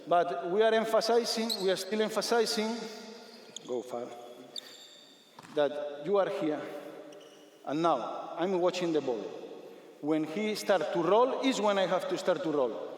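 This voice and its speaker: Male coach, energetic drill commands, faint ball bounces under roomy arena reverb. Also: sits high, measured pace, pauses often, a little hiss or hum. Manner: energetic, repetitive commands, non-native English. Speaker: basketball coach. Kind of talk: on-court coaching demonstration. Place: large sports arena. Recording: echoey arena from a distance.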